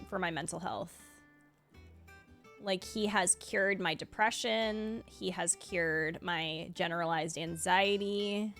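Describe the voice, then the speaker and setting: A woman streaming a video game, chatting casually and gushing, with lots of "like" fillers. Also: medium pitch. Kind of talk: casual live-stream chat. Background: faint game music.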